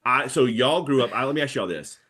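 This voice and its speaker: Fairly quick and mid-range in voice, a man in his thirties with a New Orleans Yat accent guests on a podcast as a comics artist. His stories wander and stay animated, with many fillers.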